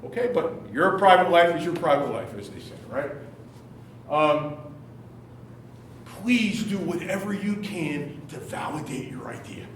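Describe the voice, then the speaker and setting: A man leading a classroom workshop, running an upbeat, brisk roll call of teams. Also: fairly high pitch, lively intonation, slight background noise. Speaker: workshop leader. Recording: echoey room from far off.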